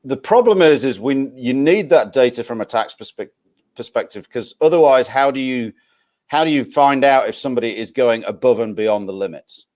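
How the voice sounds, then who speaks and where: This guest expert is a man from northern England with a Northern English accent and a mid-range, slightly mellow voice at a moderate pace. Chatting casually on a live stream, he walks through tax rules with frequent restarts.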